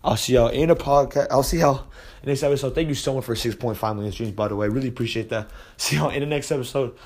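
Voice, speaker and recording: A man's voice: medium pitch, fast talker, a little mellow. A teenage man hosting his podcast, talking casually, agitated and profane, saying bro a lot. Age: teens. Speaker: podcast host. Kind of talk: casual vlog rant.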